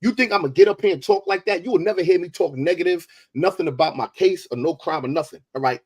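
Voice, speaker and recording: Confrontational New man, husky and higher-pitched, lecturing in a debate. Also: fast talker. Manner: confrontational, preachy, repeats for emphasis. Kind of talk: heated online debate.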